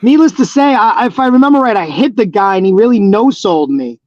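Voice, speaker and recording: A man's voice: sits high, expressive, brisk, a little mellow, no echo. Rambling man on a muffled dry line. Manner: rambling storyteller, many fillers and restarts, laughs easily. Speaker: professional wrestler and guest. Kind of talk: casual interview chat.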